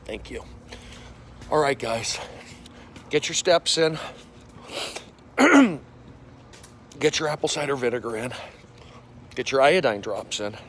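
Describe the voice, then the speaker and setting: A man in his forties, a comedian livestreaming from his phone while walking outdoors. He speaks in casual chat, reads viewer comments aloud, and coughs and clears an irritated throat. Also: medium pitch, slow, long pauses, slight background noise. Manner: animated, jumping from loud bursts to mumbled asides.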